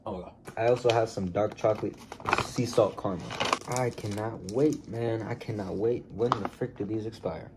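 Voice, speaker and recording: A man vlogging casually, excitable and gushing, with a heartfelt, sincere way of signing off. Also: lowish voice, moderate pace, heavy background noise. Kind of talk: casual food vlog.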